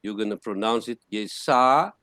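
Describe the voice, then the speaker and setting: A man teaching a classroom lesson, sounding out words slowly syllable by syllable and repeating them. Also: fairly low pitch, pushed and bright, no room sound, clean studio sound.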